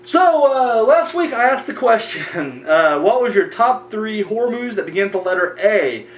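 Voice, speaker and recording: Very animated at a moderate pace, a man with a high-sitting voice hosts a horror movie review show in a casual, rambling, profane style. He restarts frequently, and the recording comes from a roomy, distant mic with faint hum.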